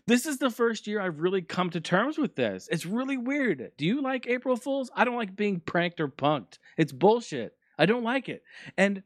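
A man's voice: high voice, very animated, moderate pace, dry recording, clean studio sound. A man hosting a casual solo podcast, ranting animatedly and swearing often. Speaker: podcast host.

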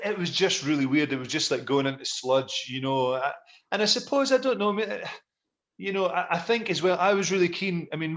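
A middle-aged man telling stories in a casual interview, a musician looking back on his career. He rambles through his anecdotes in a self-deprecating way. His voice sits at an ordinary pitch for a man. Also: a bit bright. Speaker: musician guest.

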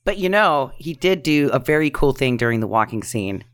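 A woman's voice: very deep voice, lively intonation, a little fast. A woman co-hosting a podcast, bluntly crude and dismissive in her opinions. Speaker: podcast co-host. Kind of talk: casual bad-movie commentary.

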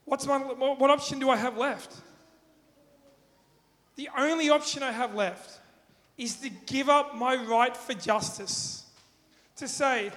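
A man's voice: extremely high pitch, normal speed, fairly bright tone. A man preaching in a casual, conversational way, asking the audience questions and acting out everyday examples. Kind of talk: sermon. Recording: long reverb in a hall.

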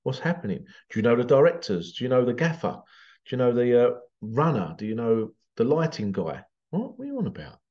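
A man's voice: medium pitch, sing-song, a little fast, dull audio. A man talking casually to camera in a rambling way, full of sarcastic rhetorical questions. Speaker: vlogger.

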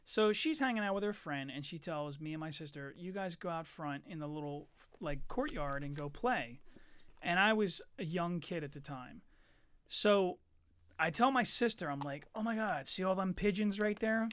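A man's voice: high-pitched, normal speed, smooth. A young man hosting a casual podcast, telling stories animatedly and swearing freely. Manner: profane, animated storyteller. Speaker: podcast host. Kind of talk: casual chat. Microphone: studio microphone.

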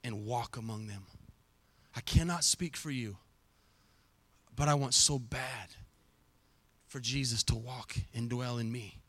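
A man preaching a sermon to his church, impassioned, swinging from soft reflection to near-shouted, chanted exhortation. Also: medium pitch, unhurried, pauses often. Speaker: pastor. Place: church sanctuary.

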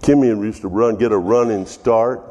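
A man's voice: on the low side, fairly even intonation, moderate pace, warm tone, in a large hall. An older man preaching as a pastor, laughing often and dropping to a whisper in prayer. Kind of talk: sermon.

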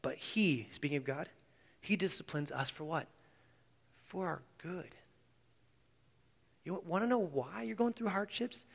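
A male pastor with a high, light voice delivers a sermon. His sound rings with the long reverb of a church sanctuary. He drops to hushed intensity, then rises to loud, animated emphasis. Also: measured pace, vocal fry, long pauses.

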